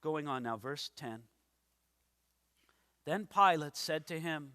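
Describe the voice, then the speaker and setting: A man's voice: on the high side, expressive, takes it slowly, pauses often, bright, forceful tone, clean tone. A man pastor preaching an expository sermon in a church, emphatic and dramatic, acting out the people in the story. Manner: dramatic, acts out scripture characters, emphatic. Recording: long hall reverb.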